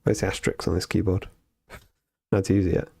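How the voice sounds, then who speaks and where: A man on a live stream reading programming lessons aloud and thinking out loud as he codes, with frequent ums and restarts. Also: deep voice, little pitch movement, fast, vocal fry, husky, no room sound. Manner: thinks aloud with many fillers and self-corrections. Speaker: streamer learning to code.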